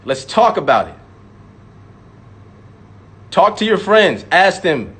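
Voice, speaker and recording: High-voiced man ranting with profanity. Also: a bit bright. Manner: profane, repetitive, emphatic; mocks imagined critics in sudden voices. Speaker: rapper speaking out. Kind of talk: impassioned monologue.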